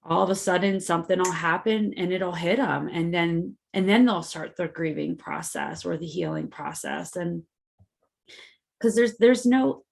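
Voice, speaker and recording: A woman co-hosts a reflective, casual podcast conversation in a slow, low, gravelly voice with fry. She is expressive and emotional, near tears, choosing her words carefully and searching for them with many soft fillers.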